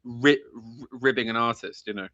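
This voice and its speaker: A man hosting a relaxed chat with a bright, forward voice. He is eager and full of stops and restarts, with easy laughter along the way. He is recorded dry and close. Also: mid-range voice, no room sound, highs cut off. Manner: enthusiastic, halting, often laughing. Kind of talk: casual chat.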